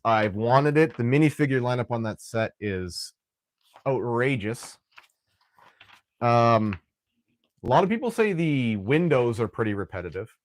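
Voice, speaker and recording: A young man of ordinary pitch talks loosely through a live build. He rambles and restarts his sentences, and he keeps clearing his throat. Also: big pitch swings, a little slow, long pauses, no room sound. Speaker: live stream host building Lego. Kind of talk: casual live stream chat.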